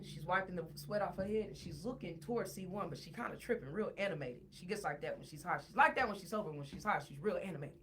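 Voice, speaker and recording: Animated woman telling a story. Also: medium pitch, a little hiss or hum. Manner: animated, repeats words when worked up. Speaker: guest. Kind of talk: casual storytelling.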